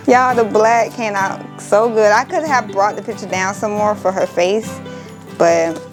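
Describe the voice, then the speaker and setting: A woman's voice: medium pitch, fairly quick, low-quality recording. Young woman, crafting vlogger, emotional, exclamatory, casual chat, faint music behind. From Miami. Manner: emotional, exclaiming, addresses viewers as y'all.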